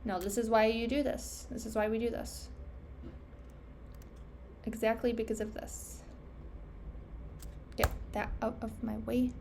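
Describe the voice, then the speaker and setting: A woman's voice: on the high side, level tone, a little slow, gravelly, long pauses, background noise. A young woman trader thinking aloud over her charts, self-critical and trailing off, losing her voice. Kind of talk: casual self-talk screen recording.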